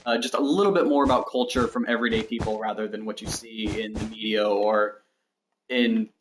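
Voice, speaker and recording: A man's voice: on the low side, fairly quick, noisy background. A man streaming a game build, chatting to viewers in a rambling, self-deprecating way while he counts blocks aloud. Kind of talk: casual livestream chat while building in a game. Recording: steady mouse and keyboard clicks behind.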